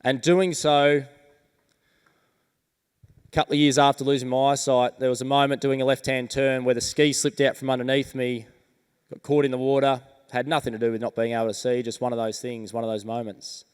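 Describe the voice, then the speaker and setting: An Australian man giving a keynote talk on stage, his voice smooth and resonant as he tells his story slowly and earnestly, with deliberate pauses. The sound rings out with a long reverb from a large event hall. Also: medium pitch, flat delivery. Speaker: motivational speaker. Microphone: stage microphone.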